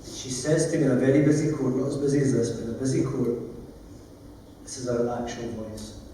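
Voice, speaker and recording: A man gives an emotional, plain-spoken conference talk, his mellow voice picked up from a distance. The long reverb of a large hall rings around every phrase, with faint room noise underneath. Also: mid-range voice, fairly quick. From Scotland. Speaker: conference speaker, lawyer. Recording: echoey hall from far off.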